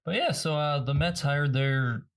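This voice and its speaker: A man co-hosting a casual podcast, making dry, deadpan asides while telling a story. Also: a little high, unhurried. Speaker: podcast co-host. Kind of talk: casual chat.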